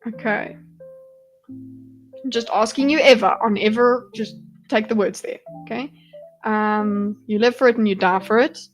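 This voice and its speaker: A South African woman talks through a livestream in a loose, rambling way, often swearing and breaking into laughter. Her voice sits a little high. Faint music plays softly behind her. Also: fairly even intonation, measured pace, pauses often. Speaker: livestream commentator. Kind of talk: casual livestream commentary. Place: home streaming setup.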